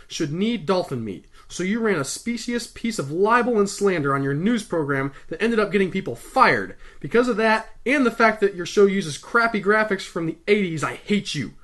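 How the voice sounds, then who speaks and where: A man voicing a blunt, angry woman scientist who snaps scornful insults while reading a storybook aloud. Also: on the low side.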